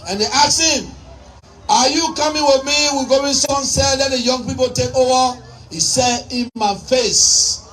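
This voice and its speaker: A man with a Liberian English accent giving a political rally speech, shouting and repeating his points rhetorically. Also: very high voice, fairly even intonation, measured pace. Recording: distant mic with crowd and noise.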